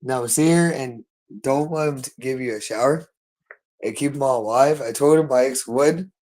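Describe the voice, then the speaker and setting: Male livestreamer, unscripted solo monologue, insistent and repetitive, middle pitch. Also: moderate pace, a little mellow, rough recording.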